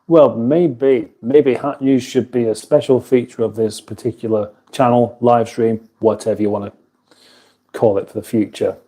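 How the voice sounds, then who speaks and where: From his kitchen at home, the host of a casual livestream works through viewer comments, chuckling easily and interrupting himself to start sentences over. His voice is very dark and mellow, medium in pitch, and a little slow as he rambles on.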